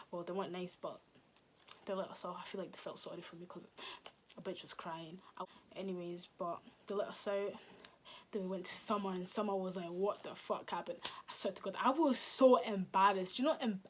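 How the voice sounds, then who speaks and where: A woman's voice: medium pitch, steady tone, a little fast, a little hiss or hum. A young adult woman, a vlogger, telling a dramatic storytime in casual slang with some swearing. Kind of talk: storytime vlog.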